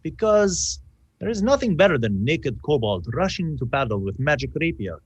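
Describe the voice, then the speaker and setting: Husky man chatting about his character. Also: a little high, very animated, moderate pace, no echo, muffled recording. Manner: playful, explaining his character. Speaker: player. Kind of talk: casual chat over video call.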